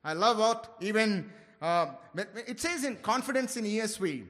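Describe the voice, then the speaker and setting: A man preaching an expository sermon, earnestly shifting between quiet reflection and loud exhortation. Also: high voice, lively intonation, moderate pace, big-room sound. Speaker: pastor.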